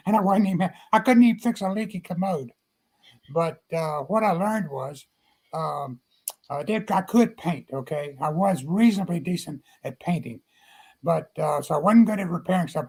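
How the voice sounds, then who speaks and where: An older man, a guest, tells stories in a folksy, homespun manner. His voice is husky and sits a touch high. He sprinkles practical advice between the turns of the tale. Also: poor audio. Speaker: guest storyteller. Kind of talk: folksy storytelling.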